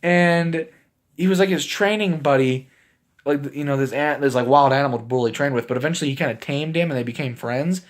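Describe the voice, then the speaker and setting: Guy doing a rambly movie recap, kinda high voice, tons of "like", laughs a lot. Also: fairly quick. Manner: rambling, filler-heavy, excitable, laughs often. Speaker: movie reviewer. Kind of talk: casual spoken movie recap.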